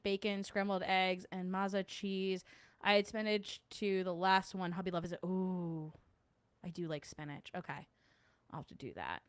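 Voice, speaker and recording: A woman's voice: medium pitch, smooth. A young New Jersey woman with a matching accent chats through her livestream, laughing easily and doing little impressions of people as she tells stories. Her voice sits in a middle register. The sound is close and dry, with no room echo. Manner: chatty, laughs often, mimics others mid-story. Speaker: podcast host reading live chat. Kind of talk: casual livestream chat.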